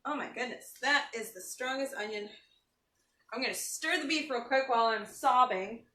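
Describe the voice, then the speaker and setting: A cooking show host whose voice is on the high side, pushed and bright, talks at normal speed during a casual live stream from her home kitchen. Teary from the onions she's chopping, she jokes, chats and reads out what viewers write. She's off-mic and far away in an echoey room, with some hiss or hum.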